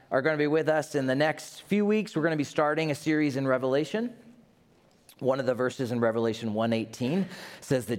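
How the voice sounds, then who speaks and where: A pastor preaches, a middle-aged man whose voice sits a little higher than most. He tells stories with energy, acting out the voices he quotes and leaping up and down in pitch. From Tennessee, USA. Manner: lively storyteller, acts out quotes, jumps in pitch. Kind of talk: sermon.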